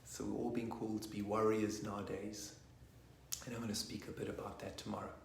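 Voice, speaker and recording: A man leading a guided meditation online, soft-spoken and slipping into whispers at times. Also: lowish voice, little pitch movement, a little fast, vocal fry, a little hiss or hum. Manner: rocks forwards and back while chanting. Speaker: meditation teacher. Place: online session from a room. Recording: roomy echo.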